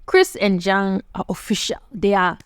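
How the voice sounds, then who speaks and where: Animated woman telling a true story. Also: medium pitch, moderate pace, background noise. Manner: animated, conversational, addresses listeners directly. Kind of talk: casual story narration.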